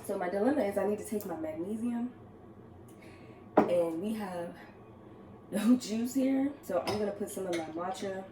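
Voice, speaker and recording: A woman's voice: mid-range voice, heavy background noise. A woman chatting casually with her viewers while getting ready at home, laughing often and calling them "girl". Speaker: vlogger. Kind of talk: casual get-ready-with-me chat. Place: home kitchen, then upstairs.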